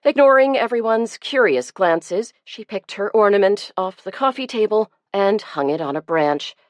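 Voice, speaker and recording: A woman narrating an audiobook in a measured, gentle storytelling manner. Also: mid-range voice, expressive, no room sound. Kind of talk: scripted narration.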